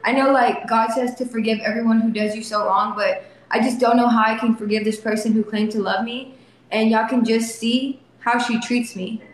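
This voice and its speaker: A woman's voice: a little high, fairly even intonation, normal speed. A young woman in back pain talks to her livestream viewers, emotional and defiant, repeating herself. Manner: soft baby talk to her son. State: in back pain while sitting. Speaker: livestream vlogger. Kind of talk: casual livestream talk to viewers. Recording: very echoey phone stream, faint noise.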